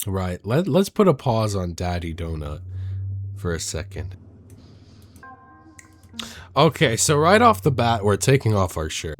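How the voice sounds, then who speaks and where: Animated joking man reacting to clips. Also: fairly low pitch, unhurried, long pauses, soft background music. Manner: mock-outraged, joking, animated. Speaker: reaction commentator. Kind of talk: comedic reaction commentary.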